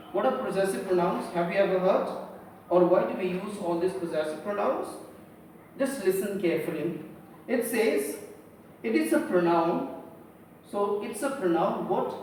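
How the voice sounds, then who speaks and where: A woman's voice: medium pitch, darkish tone. A woman teacher gives a grammar lesson to a class. She keeps saying "okay", asks questions and answers them herself. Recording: very echoey room, distant mic, faint hum.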